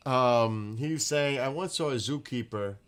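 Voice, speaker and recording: A man hosts a casual livestream, chatting and reacting to viewer comments. He's excitable, with frequent exclamations and laughter, though his mid-range voice keeps a measured pace.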